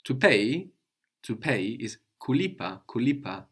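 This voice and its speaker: A man's voice: medium pitch, very animated, unhurried, slightly rough. A man teaching a language lesson, patiently explaining step by step and asking his student questions.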